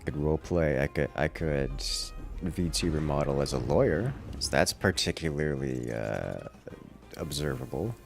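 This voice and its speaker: Very deep gravelly Southern man. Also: animated, unhurried, soft background music. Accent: generic Southern US. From Southern United States. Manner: rambling, wry, self-deprecating asides. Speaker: livestream gamer. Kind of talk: casual livestream chat while gaming.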